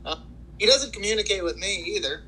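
Bright-voiced man in boastful casual chat. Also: high-pitched, animated, slight background noise, low-quality recording. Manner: halting, many restarts, boastful. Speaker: fantasy league player. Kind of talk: casual banter about fantasy sports.

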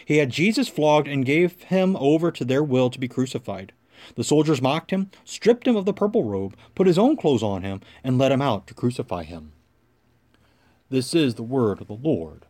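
A man doing a solemn scripture reading with a measured, reverent delivery. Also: medium pitch, sing-song, a little mellow. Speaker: scripture reader.

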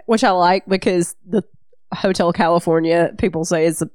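Woman co-host, lower voice, eager and giggly book chat. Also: fairly even intonation, normal speed, darkish tone, no echo, clean studio sound. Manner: laughs often, eager commentary. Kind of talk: casual chat about a novel.

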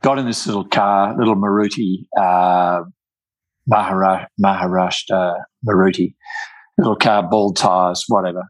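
An older man, telling travel stories in casual chat, with many halting restarts. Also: low-pitched, steady tone, no room sound, rough recording. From Australia.

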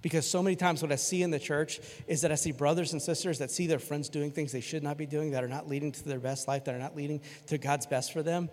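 A man preaching a sermon to his church in a casual, conversational way, switching between loud emphasis and quiet, earnest stretches. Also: on the high side, fairly even intonation, fast talker, few pauses. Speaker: pastor. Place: church sanctuary. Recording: long hall reverb in a church.

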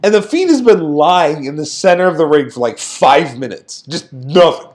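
A man's voice: fairly high pitch, expressive, moderate pace, darkish tone. A man co-hosting a podcast, recapping events in a sarcastic, incredulous rant. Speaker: podcast co-host. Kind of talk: casual recap commentary.

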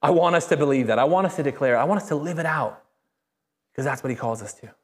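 A man preaching a sermon as a pastor, speaking conversationally and emphatically, with repeated phrases and animated rises. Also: fairly high pitch, quick pace. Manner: animated, rises sharply when excited. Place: church.

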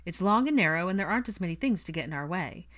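A woman voicing a bossy, spirited young witch who talks in a sharp, teasing way. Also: on the low side, expressive, quick pace. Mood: brisk.

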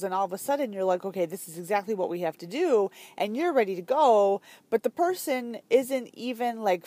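A woman's voice: mid-range voice, warm tone, no room sound. A woman talking as a fitness business coach in a casual, chatty way, full of fillers and emphatic asides.

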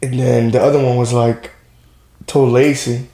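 A man's voice: mid-range voice, flat delivery, moderate pace, dark tone. A young man in crude casual chat with friends, telling stories in a rambling, hesitant way. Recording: roomy echo, faint noise.

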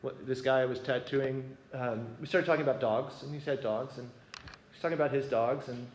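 A man's voice: mid-range voice, steady tone, a little fast, a little mellow. A man sharing an earnest personal story with a gathering, talking conversationally and often checking whether his listeners follow. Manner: conversational, asks listeners if it makes sense. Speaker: speaker sharing a reflection. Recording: echoey room with faint ambience.

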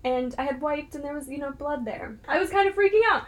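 Young woman from ohio, high voice, talks super fast, giggly storyteller. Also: animated. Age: young adult. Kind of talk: casual chat.

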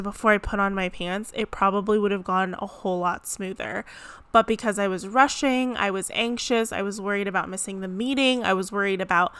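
Bright, chatty young woman vlogger. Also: mid-range voice, clean tone, no room sound. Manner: chatty, rambling, frequent "like" fillers. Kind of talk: casual chat to camera. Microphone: close mic.

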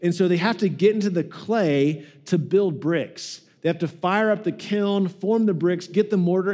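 A man with a high voice preaches in a relaxed, joking way and slips into playful voices for the people in his stories. It sounds like a pastor talking straight to his congregation. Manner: casual and joking, acts out quoted voices. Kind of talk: sermon.

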